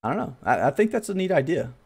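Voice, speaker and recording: A man's voice: a little high, sing-song, fast talker, vocal fry, breathy edge. A man hosting a casual gaming podcast, thinking aloud in a loose, rambling, self-deprecating way. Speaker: podcast host.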